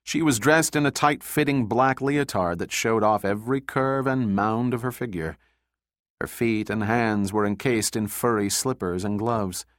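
A man narrating an audiobook in a steady, measured scripted reading. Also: lowish voice, no room sound, clean studio sound.

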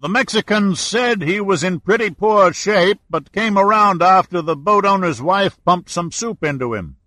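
Man voicing a male boat skipper, shouting, bright forceful tone, dry sound. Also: high voice, expressive, normal speed, dry recording, voice pushed up. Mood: excited. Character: loud male yacht skipper calling across water.

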